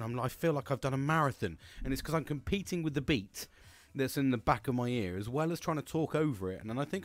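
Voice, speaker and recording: A British man hosting his own show in a rambling, chatty monologue, swearing freely and filling pauses with ums and restarts. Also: medium pitch, no echo. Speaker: podcast host. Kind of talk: casual chat monologue.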